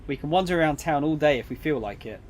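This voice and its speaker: A man reading the lines of a brash, short-tempered young man in a visual novel, gruff and snappy. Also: on the high side, lively intonation, fast talker, slight background noise, natural voice. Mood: irritated.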